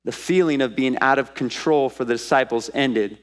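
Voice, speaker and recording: A man preaching a sermon as pastor to a congregation in church, lively and acting out the voices he quotes. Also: mid-range voice, moderate pace. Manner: animated, acts out quoted voices.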